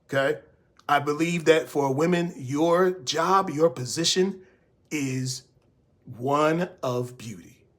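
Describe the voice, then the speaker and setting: A man giving casual, preachy dating advice to a live audience, now and then mimicking women in a high voice. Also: takes it slowly. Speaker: dating coach. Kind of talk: casual livestream advice talk.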